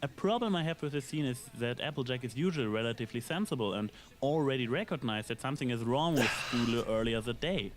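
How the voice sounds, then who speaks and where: A man reading a scripted episode review in a measured, analytical way, with dry asides. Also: mid-range voice. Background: faint background music.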